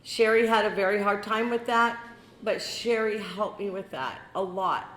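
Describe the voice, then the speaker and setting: An older woman giving a heartfelt eulogy at a memorial gathering, reminiscing slowly and breaking into laughs. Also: medium pitch, fairly bright tone. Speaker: eulogy speaker. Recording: echoey hall with faint ambience.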